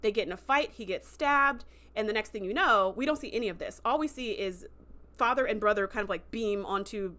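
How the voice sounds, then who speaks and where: A woman's voice: mid-range voice, fairly quick, bright, forceful tone. A woman hosting a casual livestream review, telling the story in an emotional, chatty way and acting out the quoted lines in voices. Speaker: host.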